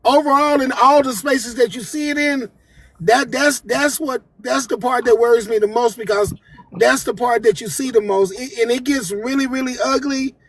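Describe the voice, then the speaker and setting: A man speaking earnestly and haltingly as a guest on a live online panel, with frequent restarts. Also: very high-pitched, a bit bright, recorded from a distance.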